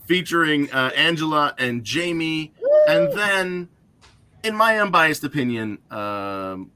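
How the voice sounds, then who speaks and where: A man's voice: a little high, very animated, takes it slowly, sharp tone, smooth. A man hosting an online game show, upbeat and joking, with frequent fillers.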